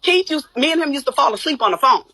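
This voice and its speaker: A woman's voice: sits high, lively intonation, fast talker, pushed and bright. A woman on a livestream telling her side of a feud, blunt and profane, acting out what others said. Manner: blunt, profane, acts out quotes. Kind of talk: heated casual livestream talk.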